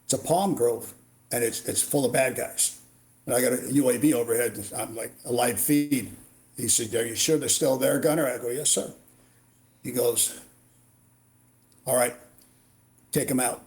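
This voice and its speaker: Animated retired Marine telling war stories. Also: male voice, mid-range voice, normal speed, pauses often. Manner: animated war storyteller, acts out dialogue. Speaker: podcast guest, retired Marine warrant officer. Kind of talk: storytelling interview.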